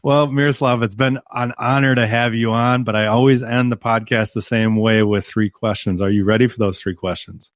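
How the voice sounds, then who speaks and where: A man's voice: mid-range voice, fairly even intonation, normal speed, hardly any pauses, no echo, clean studio sound. An American man hosting a podcast interview, enthusiastic, laughing often and stumbling over repeated words. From United States. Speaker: podcast host. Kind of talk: casual interview.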